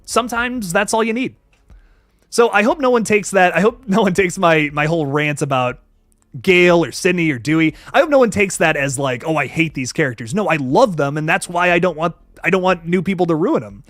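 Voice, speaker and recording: A man's voice: sits high, a little fast, fairly bright tone, no room sound, clean studio sound. A young man casually chatting on a live stream, swearing often and reading viewers' chat messages aloud.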